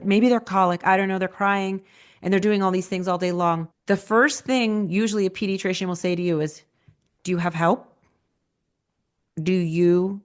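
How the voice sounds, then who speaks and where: A woman author being interviewed, talking in a casual, conversational way and often tagging her points with "right?". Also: fairly low pitch. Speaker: author guest.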